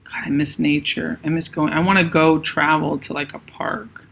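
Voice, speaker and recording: A woman's voice: low voice, fairly even intonation, normal speed, creaky, fairly bright tone, slight background noise. A woman hosting a casual livestream while she paints, thinking aloud and greeting viewers by name. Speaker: livestream host.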